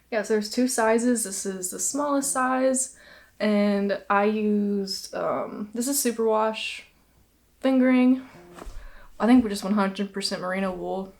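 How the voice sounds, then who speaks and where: A young woman hosting a knitting podcast, chatting casually, laughing often and a little out of breath. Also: medium pitch. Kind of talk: casual chat.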